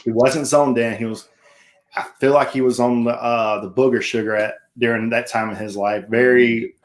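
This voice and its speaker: A man's voice: medium pitch, steady tone, normal speed. A man hosting a casual sports talk show, chatty and jokey, tossing questions to his co-host and viewers.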